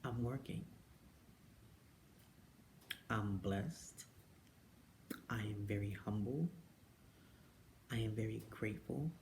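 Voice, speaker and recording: A woman talking casually to camera, telling her own story and jumping up high when she quotes people. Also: slow, pauses often, slight background noise. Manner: animated storyteller who mimics people with high-pitched quotes and drops into whispers. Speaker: direct-sales jewelry consultant. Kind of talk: casual personal vlog monologue.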